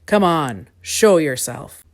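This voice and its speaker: A huge fire-breathing dragon, put on by a woman reading a storybook aloud, booming slow and loud. He rumbles deep and means to sound menacing. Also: lively intonation, full character voice.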